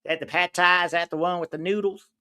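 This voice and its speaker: A man's voice: high-pitched, steady tone, fast talker, pushed and bright, clean tone, voice pushed up. A man putting on an exaggerated Southern American accent, playing a folksy, clueless customer ordering food. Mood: mock folksy. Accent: Southern US (put on). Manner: drawling, overly folksy, playing dumb.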